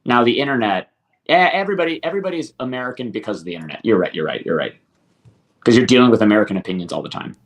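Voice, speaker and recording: Casting: man, mid-pitched, swearing casual streamer host. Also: expressive, very fast. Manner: crude, profane, joking. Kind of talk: casual chat.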